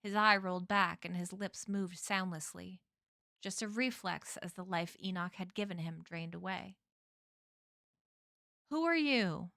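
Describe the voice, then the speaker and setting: A woman reading a novel aloud as a stream host, in measured storytelling. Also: lowish voice, fairly even intonation, gravelly, bright, forceful tone, no room sound, studio quality.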